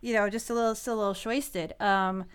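A woman's voice: mid-range voice, steady tone, fairly quick, clean tone. A woman in her thirties co-hosting a podcast, telling a story in a giggly, rambling way, full of "like"s. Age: 30s. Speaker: podcast co-host. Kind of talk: casual chat.

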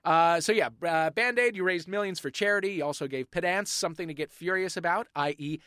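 A man hosting a comedy panel quiz, teasing the players with wry, lively banter. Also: sits high, brisk, no room sound, studio quality. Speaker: quiz host.

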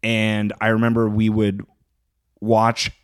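A man with a Canadian accent, a podcast guest, telling profane, animated stories in casual conversation. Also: lowish voice, slow, clear, resonant tone.

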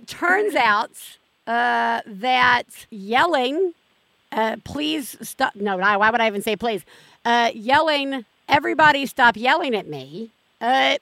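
High-voiced woman hosting a chatty podcast. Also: measured pace, creaky, dry recording. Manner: animated, self-mocking, breaks into laughter. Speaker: podcast host. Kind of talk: casual chat.

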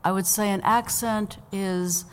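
A woman's voice: mid-range voice, steady tone, a little slow, clean tone. A woman guest answering a quiz question on a live stage, thoughtful and a little hesitant.

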